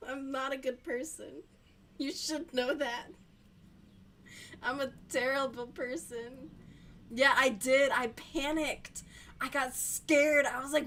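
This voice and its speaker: A woman streamer chatting casually while she crochets, giggly, youthful-sounding and quick to swear. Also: high voice, steady tone, a bit bright.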